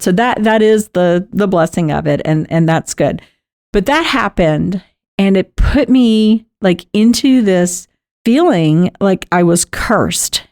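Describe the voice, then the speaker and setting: A middle-aged woman, telling a personal caregiving story in a chatty, animated way, laughing often. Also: fairly low pitch, no echo, clean studio sound. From Texas. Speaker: podcast host and caregiver.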